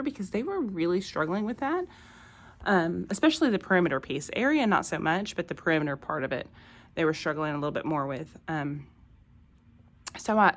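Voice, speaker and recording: Chatty woman teacher vlogging from her classroom. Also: lowish voice. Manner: chatty, rambling, frequent "um" fillers. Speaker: first grade teacher. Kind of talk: casual classroom vlog.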